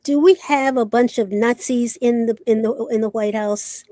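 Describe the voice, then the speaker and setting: Woman, high pitch, mellow tone, dry sound, talk show host, blunt questions. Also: moderate pace, dry recording. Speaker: host and producer. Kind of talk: interview host.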